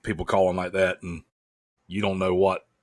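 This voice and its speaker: A man hosting a podcast interview in a relaxed, conversational manner, asking follow-up questions and musing aloud. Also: deep voice, normal speed, no echo, clean studio sound. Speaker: podcast host.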